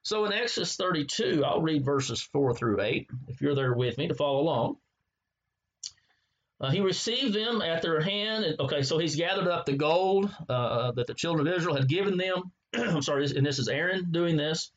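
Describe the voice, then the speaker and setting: A man preaching a Bible sermon, halting often with fillers and repeated words as he reads and explains scripture. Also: fairly high pitch, expressive, highs cut off.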